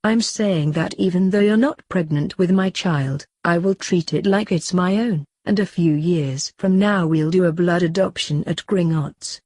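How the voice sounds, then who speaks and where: A woman voicing a gentle, devoted young husband while reading a story aloud. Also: fairly low pitch, measured pace, hardly any pauses, dry recording, studio quality. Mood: tender.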